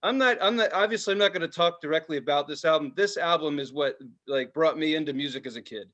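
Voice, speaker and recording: Man, 40s, casual podcast chat, animated, profane, acts out quotes, somewhat high voice. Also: quick pace, dull audio. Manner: animated storyteller, swears freely, acts out quotes. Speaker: podcast co-host.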